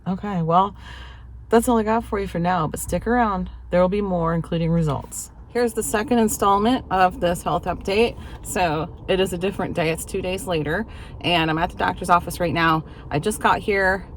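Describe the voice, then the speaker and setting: A woman's voice: on the low side, normal speed, slight background noise. A middle-aged woman chatting casually in a vlog, telling stories with frequent laughter. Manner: chatty, laughs often, self-deprecating storytelling. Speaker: vlogger.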